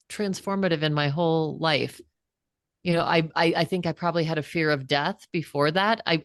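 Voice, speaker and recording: A woman's voice: low-pitched, no echo, clean studio sound. A woman in her fifties, a psychotherapist and author, telling earnest personal stories as a guest in a casual interview. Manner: earnest, animated storyteller.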